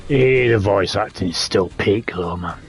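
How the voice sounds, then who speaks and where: A man's voice: on the low side, measured pace, soft background music. A British man giving casual, laid-back commentary while playing a game. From Britain. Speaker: let's play YouTuber.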